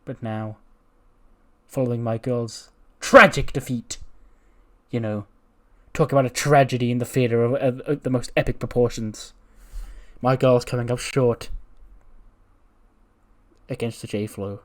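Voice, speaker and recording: A man voicing a sad, theatrical male wrestler-singer who speaks in a grandiose, mock-Shakespearean way, slightly lower and softer than his own voice. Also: steady tone, measured pace, pauses often, lightly acted. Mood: mournful.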